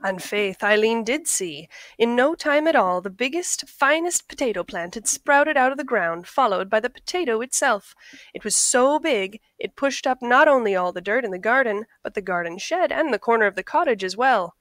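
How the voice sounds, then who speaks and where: A woman reading a picture book aloud in a friendly, expressive storytelling voice. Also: on the high side, moderate pace, no room sound. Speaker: storybook reader.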